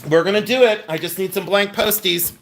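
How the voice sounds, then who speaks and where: A middle-aged man hosting a live-stream sale, reading out viewer names and orders and making quick asides to his helpers. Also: high voice. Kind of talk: live-stream selling chat.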